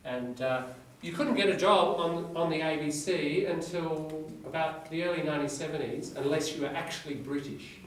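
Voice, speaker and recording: A man's voice: on the high side, normal speed, few pauses, slight background noise. A man with an Australian accent teaching a class, chatty and digressive, explaining with everyday examples. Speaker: English teacher. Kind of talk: classroom lecture. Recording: echoey classroom, far mic.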